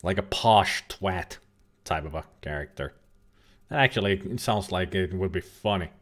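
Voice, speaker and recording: Low-pitched and unhurried, a male streamer talks his way through a let's-play in a casual, rambling style. He keeps it chatty and jokey and swears occasionally.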